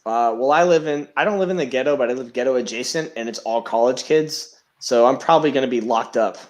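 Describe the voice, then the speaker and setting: A man's voice: mid-range voice, quick pace. A young man hosting a podcast in casual, profane chat, rambling and sarcastic. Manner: rambling, sarcastic, swears a lot. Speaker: podcast host.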